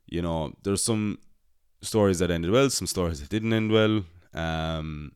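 A man's voice: low voice, clean tone, no room sound, studio quality. A young man telling a rambling, casual story about his cinema job. He swears often and pokes fun at himself. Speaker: podcast host, cinema worker.

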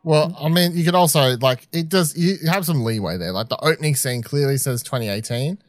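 A man co-hosting a casual podcast chat, lively and hedging his points. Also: on the high side, fairly quick, no room sound. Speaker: podcast co-host.

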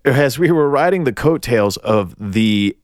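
A man co-hosting a podcast, chatting casually and teasing his co-host with a lively, joking manner. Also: mid-range voice, unhurried, no room sound, studio quality. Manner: teasing, animated, profane. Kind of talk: casual chat. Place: Los Angeles area.

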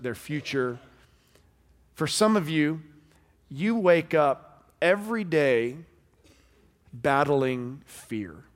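A man preaching a sermon as pastor, talking in a conversational way that swings between loud and hushed. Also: mid-range voice. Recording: long hall reverb.

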